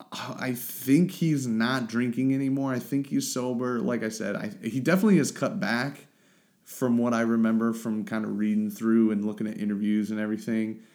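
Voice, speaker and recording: A man with a lowish, somewhat dark voice hosts a solo podcast, talking casually and rambling while he hunts for the right words.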